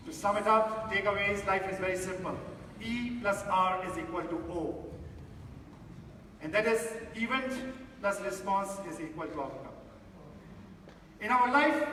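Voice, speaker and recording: Cast: high-pitched male motivational speaker, emphatic, theatre reverb. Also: sharp tone, recorded from a distance, a little hiss or hum. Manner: emphatic, addresses the audience directly. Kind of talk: inspirational stage talk with a story. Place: large theatre stage. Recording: echoey theatre hall from afar.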